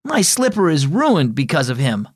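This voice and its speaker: A man voicing an upset young girl in a storybook tale, speaking in a high, pouting way. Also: wildly swooping pitch, moderate pace, husky, dry recording, clean studio sound, full character voice. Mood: cross.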